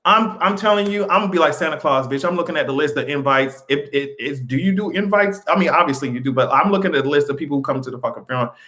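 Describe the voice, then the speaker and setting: A man chats casually on his livestream in a slightly high voice. His speech is animated and profane, with sudden leaps upward in pitch. He breaks into laughter often between remarks. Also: fast talker, hardly any pauses. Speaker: livestream host.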